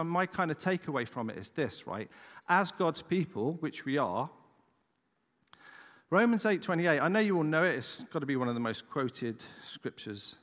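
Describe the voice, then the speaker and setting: A man gives a relaxed, conversational sermon, checking in with his listeners as he tells a story. His voice sits a bit high and swings widely in pitch. It rings with the long reverb of a large church hall. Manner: conversational, chatty, lots of "right?" asides. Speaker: preacher.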